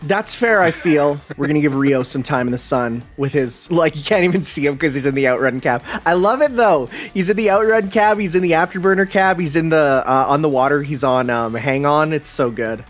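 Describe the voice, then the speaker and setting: A man's voice: fairly high pitch, brisk, few pauses, faint music behind. A young man chatting enthusiastically while commentating a video game, with lots of fillers. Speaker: host. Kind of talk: casual gameplay commentary.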